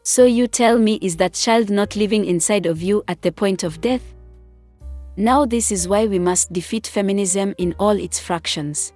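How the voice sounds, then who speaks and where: A woman's voice: medium pitch, moderate pace, darkish tone, soft background music. A woman hosting a channel, reading scripted commentary in a stern, lecturing way. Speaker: channel host.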